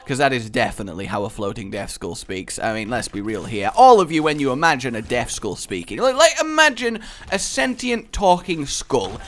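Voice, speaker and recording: A young man talks over his own gameplay with a jokey, excitable manner. His pitch swings widely as he jumps from easygoing remarks to loud, high-pitched cheers. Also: moderate pace, hardly any pauses. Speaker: gaming video host. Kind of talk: let's play commentary.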